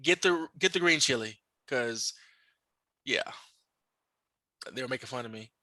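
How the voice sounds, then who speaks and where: A man telling stories in a casual podcast chat, animated and profane, acting out the voices of people he met. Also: mid-range voice, a little slow, dry recording. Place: podcast studio.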